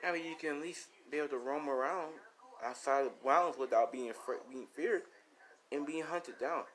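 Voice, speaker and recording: A gentle, firm young woman who coaxes and pleads, as a man narrating a fan story puts her on. The voice stays quiet and soft, barely shifted from the storyteller's own, with faint background hiss. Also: a little high, normal speed, close to an everyday voice, poor audio. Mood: coaxing.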